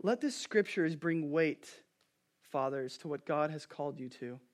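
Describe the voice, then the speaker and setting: Preacher, male, 30s, high-pitched, energetic sermon delivery with big dynamic swings. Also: unhurried. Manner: animated storytelling, swings from hushed to loud. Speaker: pastor.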